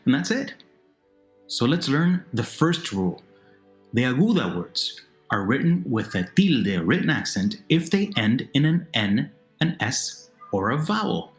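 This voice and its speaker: A man narrating a language lesson, explaining slowly and carefully and repeating words for the listener, over a noisy voice-over recording. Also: medium pitch. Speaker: Spanish teacher. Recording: noisy narration with faint music.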